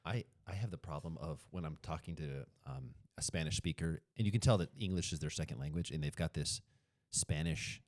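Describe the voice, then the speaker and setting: A man's voice: very deep voice, fairly quick, hardly any pauses, dry recording, studio quality. A man with a Colorado accent, co-hosting a podcast in casual chat, rambling and correcting himself as he goes. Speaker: podcast co-host.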